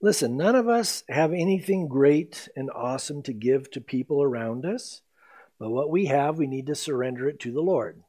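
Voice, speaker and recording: A man's voice: on the high side, big pitch swings. Emphatic male preacher. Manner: emphatic, reads scripture aloud slowly, then explains. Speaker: pastor. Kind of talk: expository sermon.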